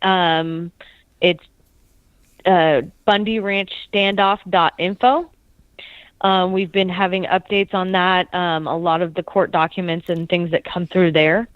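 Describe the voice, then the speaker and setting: An American woman guest giving a soft-spoken, steady update, with frequent ums. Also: on the low side, measured pace, no echo, narrow, tinny audio. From United States.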